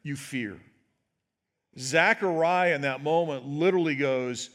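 A man's voice: fairly high pitch, unhurried, a bit bright. Man preaching in a reverberant church. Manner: conversational preaching, frequent "right?" asides, acts out quotes. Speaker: pastor. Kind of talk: sermon. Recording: long hall reverb.

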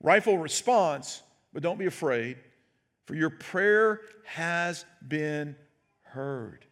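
A pastor with a slightly high, bright, expressive voice preaches slowly and conversationally, asking "right?" and acting out what others said. The sound carries a long hall reverb.

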